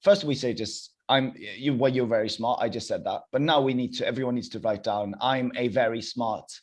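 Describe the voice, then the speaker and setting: A young man teaching a live online language class over a video call, encouraging and repeating phrases slowly. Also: lowish voice, darkish tone.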